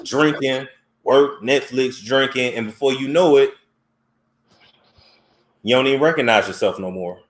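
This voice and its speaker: Blunt, animated man hosting a call-in. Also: mid-range voice, measured pace, long pauses, echoey room, a little hiss or hum. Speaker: host. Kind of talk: casual call-in chat.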